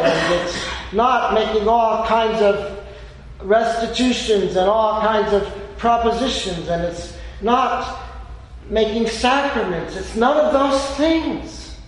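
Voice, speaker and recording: Male preacher, high register, deliberate emphatic sermon delivery, very echoey hall, faint hiss. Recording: echoey hall with long reverb.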